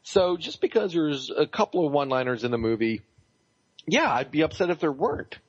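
A man's voice: a little high, very animated, brisk, breathy edge, no room sound. A man co-hosting a casual gaming podcast, rambling with lots of fillers and casual swearing. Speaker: podcast co-host. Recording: dull lo-fi dry mic.

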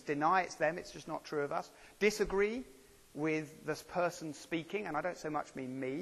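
Man, preacher, conversational sermon, rhetorical questions, gravelly voice, reverberant hall. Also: on the high side, a bit bright. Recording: long reverb of a church hall.

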